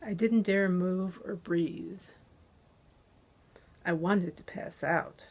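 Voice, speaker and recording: A woman author reading her first-person crime novel aloud in measured, deliberate narration into a close dynamic microphone. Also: fairly low pitch. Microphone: close handheld dynamic USB mic.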